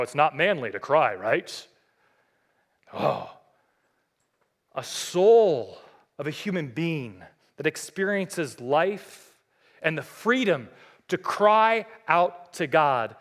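A middle-aged man preaching a sermon as a pastor, earnest and impassioned, swinging between loud emphatic lines and low quiet ones.

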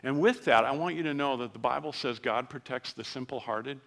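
A middle-aged male pastor delivering a sermon in a relaxed, conversational manner. He mixes self-deprecating asides into his preaching, and his voice turns tender and emotional at moments. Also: medium pitch, fairly quick, creaky.

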